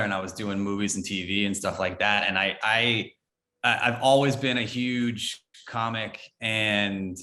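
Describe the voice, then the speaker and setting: An American man in casual podcast chat as a guest, excitable and stumbling over repeated words as he starts sentences. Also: on the low side. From United States. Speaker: guest, former entertainment reporter.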